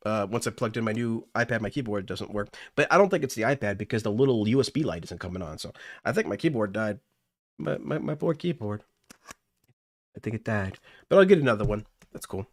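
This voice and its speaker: A man's voice: lowish voice, lively intonation, fast, no room sound. A man hosting a casual livestream, talking enthusiastically and gushing about music apps. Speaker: livestream host.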